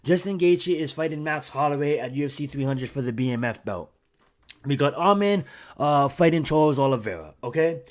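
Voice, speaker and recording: A young man talks straight to his channel's viewers, chatting casually about a fight. He rambles and restarts, piling on fillers and getting excitable as he goes. His voice sits a little on the high side for a man. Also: brisk. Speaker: YouTube channel host. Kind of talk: casual fight commentary vlog.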